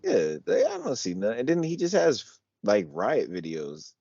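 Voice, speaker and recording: Animated low-voiced man arguing on a podcast. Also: moderate pace, vocal fry, no echo, dull audio. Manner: animated, argumentative, reads lyrics aloud. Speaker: podcast co-host. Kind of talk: casual podcast debate.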